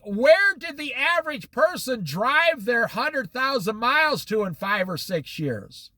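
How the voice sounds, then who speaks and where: A man's voice: very high-pitched, a little slow, few pauses, no echo. A man giving a casual Bible study talk, acting out little dialogues between people and God. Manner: animated, acts out little dialogues. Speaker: Bible teacher. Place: Oregon coast.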